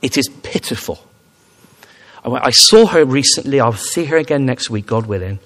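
A man's voice: mid-range voice, animated, moderate pace, fairly bright tone. A man preaching a sermon in church, emphatic and fervent, with many restarts and repeated phrases. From Wales. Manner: emphatic, rising to fervent repetition with frequent restarts.

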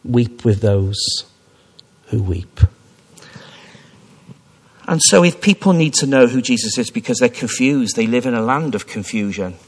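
Male preacher, sermon delivery, emphatic with restarts, lively rising and falling pitch. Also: unhurried, pauses often. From Wales. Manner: emphatic, rising to fervent repetition with frequent restarts.

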